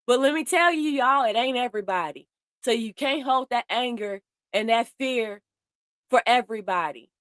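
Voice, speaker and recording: Woman, higher voice, dry close sound, blunt heated casual commentary. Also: sharp tone, no echo. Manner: blunt, heated, profane, talks straight to viewers. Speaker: commentary host.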